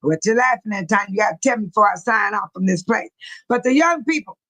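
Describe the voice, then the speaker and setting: A woman's voice: medium pitch, animated, fast, a bit bright, dry recording, low-quality recording. An older woman hosting a casual livestream, chatting with her commenters and laughing often. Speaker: livestream host reading chat.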